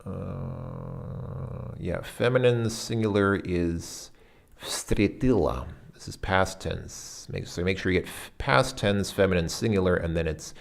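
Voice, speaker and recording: Low creaky man thinking aloud. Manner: hesitant, searching, self-correcting; sounds out foreign words haltingly. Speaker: language lesson host. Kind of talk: thinking aloud through a workbook exercise.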